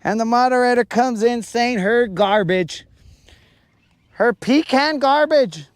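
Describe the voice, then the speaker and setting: A man's voice: extremely high pitch, slow pace, clean tone, no room sound. A man chatting casually on a live stream while fishing outdoors on a lake, ranting in a playful, mock-serious way and stretching out his words.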